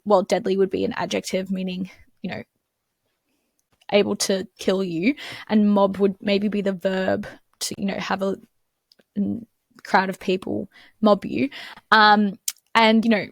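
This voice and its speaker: Chatty Australian woman tutor, gravelly. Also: mid-range voice, no room sound. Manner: chatty, many fillers and restarts. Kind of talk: casual screen-share lesson.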